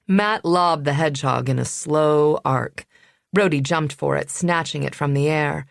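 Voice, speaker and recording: A woman narrating a suspense audiobook in a measured, even reading. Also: low voice, creaky, no room sound, studio quality. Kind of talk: scripted narration.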